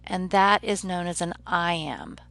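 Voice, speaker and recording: A woman professor lectures on the sound of a poem, steady and explanatory. Her voice sits a bit low, and she slows right down whenever she reads a line aloud. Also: gravelly, no echo. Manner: measured, explanatory, slows down to read poetry lines aloud. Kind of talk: recorded literature lecture.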